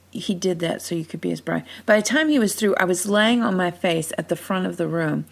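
Earnest woman podcast host. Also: fairly low pitch. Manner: earnest, heartfelt storytelling. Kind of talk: personal testimony and prayer.

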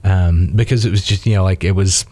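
Relaxed deep-voiced man telling rambling stories. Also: a little fast, dry recording. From Mississippi, USA. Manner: rambling, storytelling, many fillers and restarts. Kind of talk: casual conversation.

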